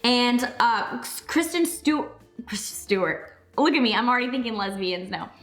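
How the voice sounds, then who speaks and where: A young woman chatting casually in a vlog, reviewing a movie in an animated, filler-heavy way. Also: fairly high pitch, normal speed, echoey room, soft background music.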